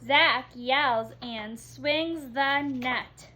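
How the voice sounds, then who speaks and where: A woman teaching kindergarten, reading a story aloud in a slow, exaggerated sing-song way and gently encouraging the children. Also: high voice, lively intonation, husky.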